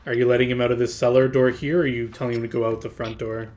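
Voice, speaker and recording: A man's voice: mid-range voice, little pitch movement, very fast, a little mellow, slight background noise. A man running a tabletop game as game master, describing scenes in a rambling way with plenty of filler words.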